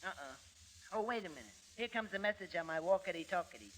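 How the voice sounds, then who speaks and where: A man voicing a mischievous little boy playing Cupid in a 1940s radio comedy, with a high childlike voice. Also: big pitch swings, a little fast, a bit bright, rough recording. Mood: stubborn. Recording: hissy old radio recording.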